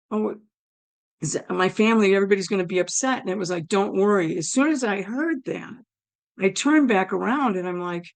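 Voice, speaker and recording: Gravelly-voiced woman telling a personal story. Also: fairly high pitch. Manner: animated, acts out her own thoughts. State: hoarse, damaged throat. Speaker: guest telling her near-death story.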